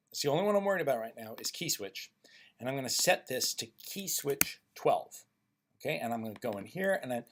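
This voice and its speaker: A man presenting a music software tutorial, thinking aloud with frequent ums and restarts as he works. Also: medium pitch. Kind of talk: screen-recorded software tutorial.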